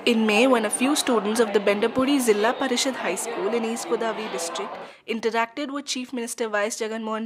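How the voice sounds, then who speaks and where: A woman's voice: a little high, a little hiss or hum. Woman reading news narration. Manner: even, read aloud. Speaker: reporter.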